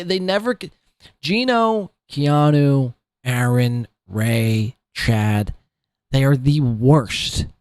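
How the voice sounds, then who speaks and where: A man's voice: mid-range voice, darkish tone, dry recording, studio quality. A man hosting a podcast who rants in a profane, scornful, rambling way about people he covers. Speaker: podcast host. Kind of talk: ranting commentary.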